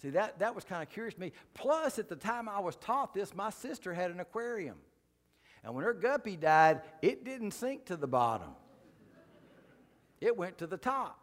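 A man lectures a live audience from slides in a folksy, joking way, landing his punchlines dry. His voice sits a little high for a man. The sound carries a long reverb from a big hall. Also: sing-song, normal speed. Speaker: creation science speaker.

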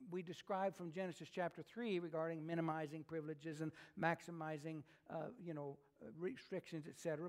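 High-voiced man preaching a folksy sermon. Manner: folksy, animated retelling with asides. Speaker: pastor.

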